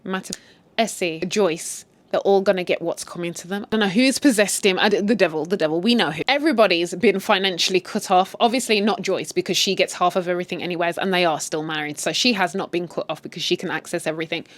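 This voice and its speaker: A woman retelling a drama series in an animated, chatty way, adding her own commentary. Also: quick pace, few pauses, no echo. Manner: animated, chatty, swings in pitch for emphasis. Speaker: storyteller. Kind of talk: casual story retell with commentary.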